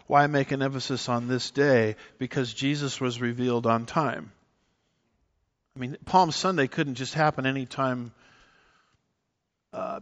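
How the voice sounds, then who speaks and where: A male pastor delivering a sermon in an animated, emphatic teaching manner, his voice sitting in a middle register. The recording sounds a little dull and lo-fi. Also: medium pitch.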